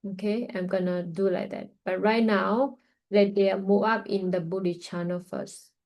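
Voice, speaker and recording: A woman hosts a live trading webinar, casually thinking aloud about the market as she watches the charts, using loose English grammar and lots of fillers while sounding tired and yawning. Her voice is middle-pitched with fairly even intonation and a measured pace, and the audio is dull.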